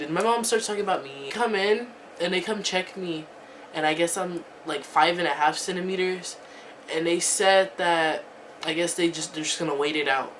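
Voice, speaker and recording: A woman's voice: on the low side, fairly bright tone, recorded from a distance, a little hiss or hum. A teenage girl telling a storytime vlog, chatty, filling her talk with "like" and "um". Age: teens. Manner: chatty, lots of "like" and "um", laughing asides. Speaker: vlogger.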